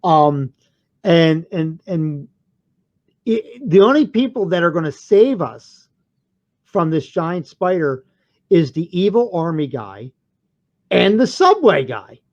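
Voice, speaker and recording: A podcast co-host rambles through a casual movie review, swearing freely and restarting sentences. The voice is very lively and swoops up and down in pitch. The audio sounds dull and lo-fi. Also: takes it slowly, long pauses.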